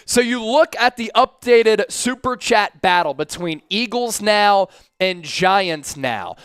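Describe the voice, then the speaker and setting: A man's voice: high voice, clear, resonant tone, no echo. A man in his thirties hosting a live sports stream from a studio, reading out viewers' chat messages with lots of energy. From Philadelphia area, USA. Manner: energetic, hyped, chanting with the chat.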